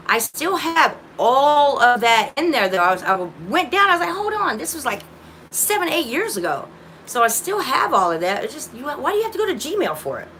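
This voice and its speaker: A woman's voice: sits high, sing-song, brisk, hardly any pauses, a bit bright, a little hiss or hum. A woman with grown children hosting a casual livestream from her phone, rambling with many restarts and talking to viewers as y'all. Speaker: livestream host.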